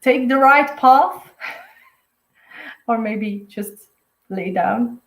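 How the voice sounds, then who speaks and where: A woman's voice: a little high, very slow, pauses often, roomy sound, poor audio. A woman giving a live intuitive card reading, rambling and heartfelt, full of fillers. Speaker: intuitive medium. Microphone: webcam or phone on a live stream.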